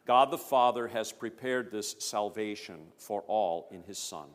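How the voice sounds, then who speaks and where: A male pastor delivering a sermon in a measured, emphatic way, pressing hard on key words. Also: on the low side. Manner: emphatic, measured preaching with rising stresses. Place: church. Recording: long church reverb.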